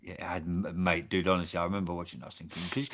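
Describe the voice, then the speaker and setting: Male podcast host, lower voice, casual and rambling, salty language. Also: little pitch movement, rapid-fire, a bit bright. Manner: chatty, rambling, swears casually.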